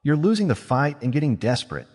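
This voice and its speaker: A man voicing a frank young male mage who speaks flatly and bluntly. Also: mid-range voice, quick pace, big-room sound, voice pushed up. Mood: accusing. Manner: flat, blunt.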